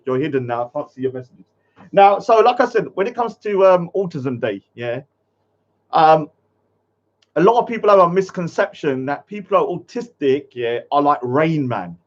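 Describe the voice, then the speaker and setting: Man, livestream host, blunt and mouthy, high voice, muffled stream audio. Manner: blunt, swears at chat, mock-taunting. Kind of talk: casual livestream chat.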